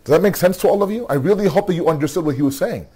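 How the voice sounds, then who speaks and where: A man giving an earnest sermon-style Quran lesson, asking rhetorical questions, repeating words for emphasis and reciting Arabic verses quickly. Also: high voice, warm tone, husky. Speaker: religious teacher.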